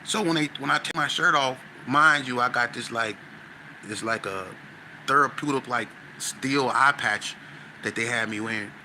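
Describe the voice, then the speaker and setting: A man, a podcast guest, tells a story in a lively, slangy way and acts out scenes with sound effects. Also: mid-range voice, normal speed, slight background noise. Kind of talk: animated storytelling.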